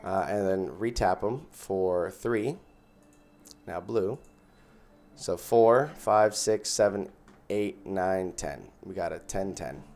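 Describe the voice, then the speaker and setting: A man's voice: sits low, slow pace, a little mellow. A man giving casual gameplay commentary as host, thinking aloud and counting out his mana as he plays. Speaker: gaming channel host.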